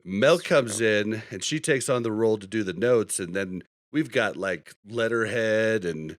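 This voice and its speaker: A man's voice: lowish voice, expressive, a little slow, no echo, clean studio sound. A man hosting a podcast, telling rambling stories in casual chat and laughing often. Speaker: podcast host.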